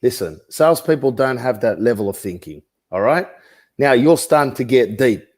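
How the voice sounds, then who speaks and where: A middle-aged man with an Australian accent, talking in a deadpan, rambling, mock-serious way as a comedic real estate agent in an interview. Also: mid-range voice, moderate pace.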